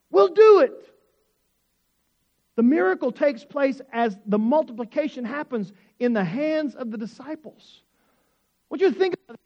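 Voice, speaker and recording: A pastor preaches with a high-pitched male voice, telling a story to his congregation. He talks in animated bursts that climb to excited shouts. The recording sounds dull and muffled. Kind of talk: storytelling sermon.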